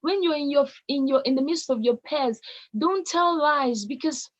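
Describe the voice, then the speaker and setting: A young Nigerian woman in her late teens delivers a motivational speech with emphatic, repeated exhortations. Her voice sits high. The recording is muffled and lo-fi. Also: normal speed. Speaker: youth speaker.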